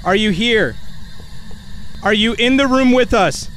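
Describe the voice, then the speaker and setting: A man playing a VR ghost-hunting game with a friend, chatting casually and yelling when he gets scared. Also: high voice, lively intonation, a little slow, slight background noise. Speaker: VR game streamer. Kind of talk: casual gameplay chat.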